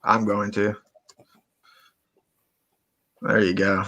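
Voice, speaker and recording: A man hosting a casual online chat, relaxed and easygoing, with frequent "uh" fillers. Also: fairly low pitch, drawn-out words. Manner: laid-back, frequent "uh" fillers. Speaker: podcast host.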